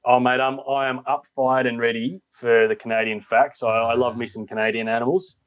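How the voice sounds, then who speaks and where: A man's voice: mid-range voice, flat delivery, a little fast, no echo, dull audio. A man, a zookeeper guest on a podcast, crude and rambling with many restarts. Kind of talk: casual podcast chat.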